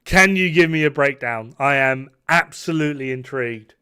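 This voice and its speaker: A man's voice: mid-range voice, normal speed, bright, forceful tone, smooth. A young man streaming a game who talks in a rambling, casual way, swears a lot, and often restarts his sentences. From half Norwegian. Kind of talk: casual chat while gaming, reacting to chat.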